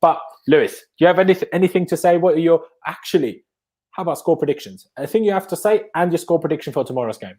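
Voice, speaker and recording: A young man hosting a casual live-stream chat, excited and rambling as he restarts his sentences. His voice is mellow and sits a little high for a man. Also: fast talker. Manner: enthusiastic, rambling, hesitant restarts. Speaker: host.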